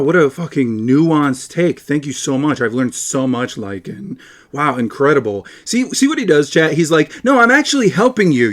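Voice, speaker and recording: A man ranting profanely and mocking his opponent in a heated livestream argument. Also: mid-range voice. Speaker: livestream guest.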